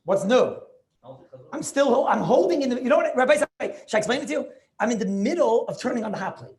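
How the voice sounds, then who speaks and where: A man's voice: very high voice, expressive, a little fast, a little mellow. A man making a Talmudic argument in an online Torah class over a video call. He talks eagerly, restarts his sentences and keeps checking with "right?".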